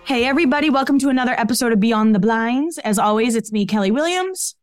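Chatty woman podcast co-host, high voice. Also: fast, soft background music. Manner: chatty, gossipy, frequent "like" fillers. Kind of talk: casual pop-culture chat.

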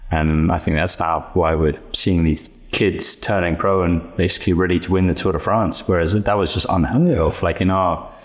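Male guest in his thirties, low-pitched, measured and thinking aloud as he talks. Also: steady tone. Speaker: podcast guest. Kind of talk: casual podcast chat.

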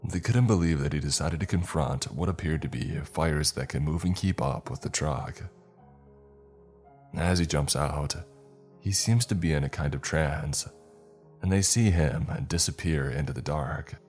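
A man with an extremely deep voice reads a first-person horror tale. He keeps an even, measured storytelling pace throughout. Faint music plays quietly underneath. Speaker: narrator. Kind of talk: scripted horror story narration.

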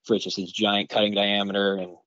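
Excited rambling man telling a hunting story. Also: fairly low pitch, brisk, no echo, dull audio. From Michigan. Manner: excited, rambling, heavy on "like" and "you know". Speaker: podcast guest, bowhunter. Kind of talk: casual storytelling in a podcast interview.

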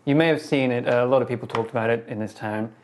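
A man's voice: mid-range voice, fast, darkish tone. A man speaking as a player in a tabletop game, casual and a little hesitant. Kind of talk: tabletop role-play in character.

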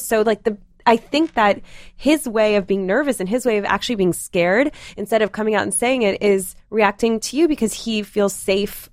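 A woman's voice: on the high side, expressive, moderate pace, no echo, clean studio sound. A woman co-hosting a parenting podcast, chatting in a supportive, thoughtful, hedging way. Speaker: podcast co-host. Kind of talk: casual chat.

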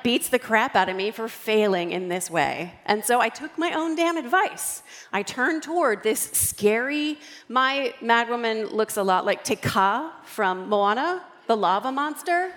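A woman author giving an animated talk to a live audience, acting out quoted voices as she goes. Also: fairly high pitch. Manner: expressive, acts out quoted voices. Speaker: author and guest speaker. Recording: long hall reverb.

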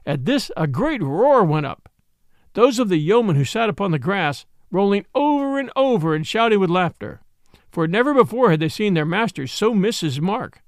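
A man narrating a classic adventure story in an expressive, dramatic reading. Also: high-pitched, moderate pace, dry recording, studio quality. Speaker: audiobook narrator.

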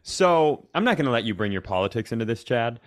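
A man's voice: mid-range voice, big pitch swings, fast. A man co-hosting a casual comedy podcast, joking around and sometimes breaking into an exaggerated twangy sing-along. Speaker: podcast co-host.

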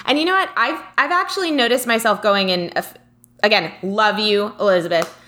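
A young woman co-hosting a casual spiritual chat podcast, animated and quick to leap up in pitch when quoting herself. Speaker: podcast co-host.

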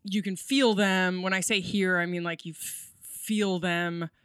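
Podcast guest: woman comedian, crisp bright tone, rambling spiritual talk, dry close mic. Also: fairly low pitch, fairly even intonation, measured pace, no echo. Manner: rambling spiritual explanations, many fillers.

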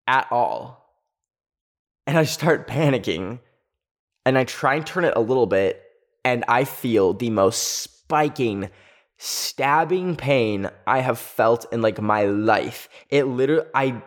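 A young man telling a story to camera in a loose, chatty way, with "like" scattered through every sentence. His voice has a middling pitch and an ordinary, everyday sound. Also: lively intonation, unhurried. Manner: chatty, fills speech with "like". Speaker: video creator. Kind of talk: storytime vlog.

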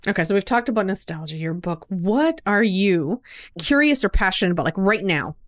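A woman's voice: mid-range voice, lively intonation, a little fast. A woman hosting an interview, asking questions and adding brief, encouraging remarks. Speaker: interview host. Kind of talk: casual interview chat.

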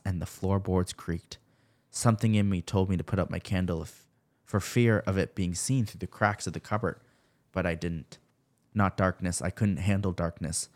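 A young man narrating a horror story slowly and steadily, raising his voice for the shouted lines. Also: low voice. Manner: slow, measured storytelling with shouted character lines. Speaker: podcast host reading a creepypasta.

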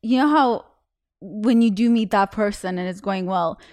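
A woman hosting a casual podcast chat, curious and quick to bring up research and ask follow-up questions. Her voice sits at a middle pitch. It is recorded close and dry. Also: darkish tone, no echo. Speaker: podcast host.

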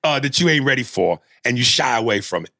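A man's voice: mid-range voice, fast, no echo. A man hosting a podcast, arguing animatedly and reading out listener messages in casual chat. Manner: animated, argumentative, reads listener messages aloud. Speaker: podcast host.

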